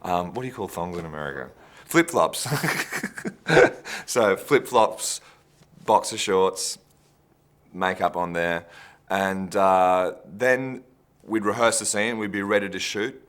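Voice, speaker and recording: A man's voice: low-pitched, a little slow, fairly bright tone. A man, an actor telling behind-the-scenes stories in a chatty, rambling way. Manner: chatty, anecdotal, restarts phrases. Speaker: actor interviewee.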